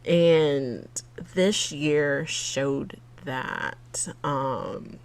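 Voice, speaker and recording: Slow-talking, low-pitched woman podcaster. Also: fairly even intonation. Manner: chatty, giggly and emotional, with frequent laughs and fillers. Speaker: podcast host. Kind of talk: casual solo podcast monologue.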